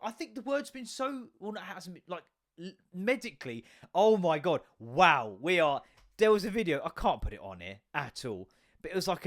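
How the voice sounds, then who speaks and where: A young man hosting his own podcast, rambling and joking with lots of swearing and sudden loud bursts. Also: sits high. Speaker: podcast host. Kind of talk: casual solo podcast rant.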